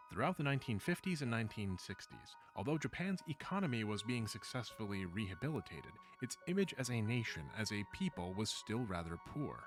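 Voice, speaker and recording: A man giving scripted video-essay narration in a measured way, with dry, wry asides. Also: on the low side.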